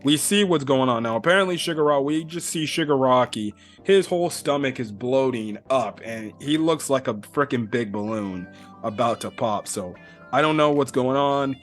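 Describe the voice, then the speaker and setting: A man's voice: mid-range voice, expressive, moderate pace, soft background music. A man casually recapping a comic chapter in a rambling way, full of fillers and the odd swear word. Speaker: manga reviewer.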